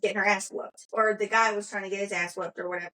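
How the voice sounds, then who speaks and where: A woman co-hosting a podcast who chimes in with quick reactions. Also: medium pitch, fairly even intonation, bright, forceful tone. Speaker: podcast co-host. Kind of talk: casual podcast chat.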